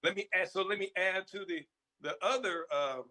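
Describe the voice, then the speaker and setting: Earnest former football player telling stories. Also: male voice, high voice, moderate pace, pushed and bright. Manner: earnest, storytelling, opinionated. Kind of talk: casual radio talk.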